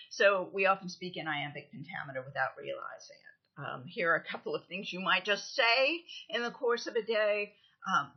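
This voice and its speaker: Woman lecturing, husky lowish voice, kinda muffled lo-fi recording, lots of ums. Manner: explanatory, counts out stresses, frequent ums. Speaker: literature lecturer.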